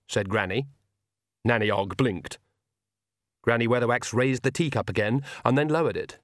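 A man reading a novel aloud in measured, steady scripted narration. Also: medium pitch, no echo, clean studio sound. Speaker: audiobook narrator.

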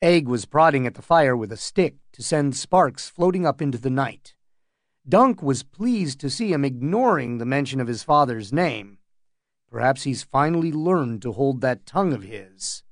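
A man narrating an audiobook in calm, measured storytelling. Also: mid-range voice, no echo, clean studio sound.

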